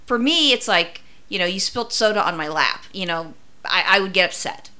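A woman's voice: medium pitch, expressive, moderate pace, sharp tone. A woman co-host in casual chat, cutting in with blunt, profane remarks.

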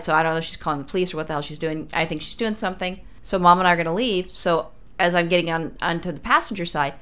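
A woman's voice: on the low side, fairly bright tone. A woman from Los Angeles telling a crude story in casual chat, swearing freely as a podcast host.

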